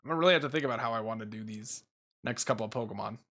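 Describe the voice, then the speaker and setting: A young man with a bright, clear voice talks loosely through his rankings. He rambles, swears offhand and fills gaps with ums and uhs. His pitch sits in an ordinary middle range. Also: rapid-fire. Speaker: YouTuber ranking Pokemon. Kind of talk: casual commentary while making a tier list.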